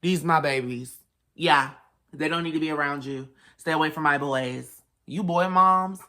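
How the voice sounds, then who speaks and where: Brief: bright, sassy overprotective mother, scolding, as a woman puts her on in a bedtime story. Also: low voice, unhurried, exaggerated voice. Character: possessive, overprotective farm mother.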